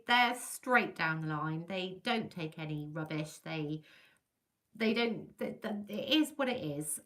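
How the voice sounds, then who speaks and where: Bright-voiced chatty English woman. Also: medium pitch. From England. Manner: chatty, animated storytelling, greets viewers by name. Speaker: livestream host. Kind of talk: casual livestream chat.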